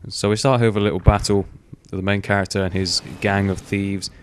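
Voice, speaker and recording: A man's voice: lowish voice, little pitch movement, a little fast, a little hiss or hum. A young man giving casual, rambling gameplay commentary, swearing offhandedly and filling gaps with "um" and "like". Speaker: gaming video host.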